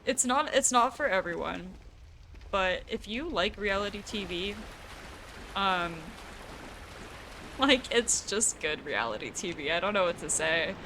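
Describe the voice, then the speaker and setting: A young American woman with an East Coast accent talks to her stream audience while she plays. She chats loosely, laughs often and swears without a second thought. Her voice sits at an ordinary middle pitch, and a clear hum of background noise runs under the recording. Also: animated, measured pace, pauses often, pushed and bright, low-quality recording. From United States. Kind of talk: casual chat while gaming.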